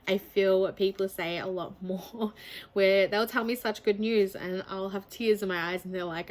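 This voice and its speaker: A woman's voice: mid-range voice, fairly even intonation, moderate pace, poor audio. A young adult woman speaking candidly and openly to camera in a personal confessional vlog. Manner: candid, open, speaks from feeling. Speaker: vlogger.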